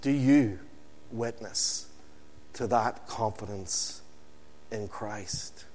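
A man preaching an evening sermon, slow and emphatic, with dramatic pauses and phrases that sink low and quiet at the end. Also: big-room sound, slight background noise.

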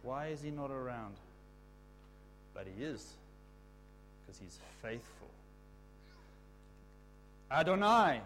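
A man giving a children's talk in church, explaining a word and leading the kids in call-and-response shouts. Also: mid-range voice, takes it slowly, long pauses, a little hiss or hum. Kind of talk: children's sermon.

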